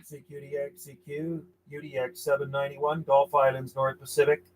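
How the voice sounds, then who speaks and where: A man's voice: mid-range voice, completely flat delivery, normal speed. A man working as a CB radio operator, calling out call signs and answering distant contacts with clipped calls and friendly sign-offs from a home station. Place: home radio station on an island off western Canada. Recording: loud radio static behind the voice.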